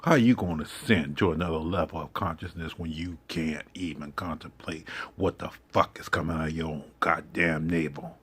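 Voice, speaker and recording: A man's voice: a bass voice, moderate pace, few pauses, fairly bright tone, breathy edge. A man giving an impassioned, confrontational monologue, swearing heavily and lecturing his listeners. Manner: preachy, confrontational, heavy swearing.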